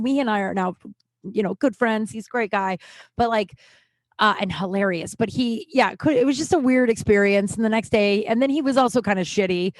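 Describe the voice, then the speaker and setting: Comic podcast host in her thirties, chatty, self-deprecating storyteller, average pitch, dry close recording. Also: no echo. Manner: rambling, self-deprecating, lots of fillers and asides. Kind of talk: casual storytelling monologue.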